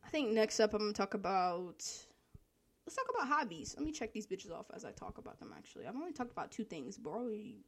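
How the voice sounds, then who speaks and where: A woman's voice: mid-range voice, very animated, quick pace, breathy edge. A young woman, telling a work story in a casual, profane monologue, laughing often and acting out the people she quotes.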